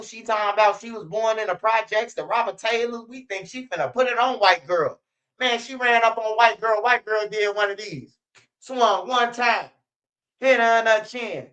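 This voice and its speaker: Man from Chicago hosting a street-news commentary channel. High, bright voice. Slangy storyteller who acts out the quotes. Lo-fi sound. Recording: dull lo-fi sound.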